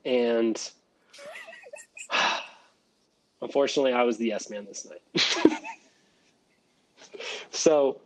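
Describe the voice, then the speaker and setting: A man, a former valet, telling a story as a guest, animated, laughing often and acting out other people's voices. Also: medium pitch, slow pace, long pauses, slight background noise, low-quality recording. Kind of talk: casual storytelling.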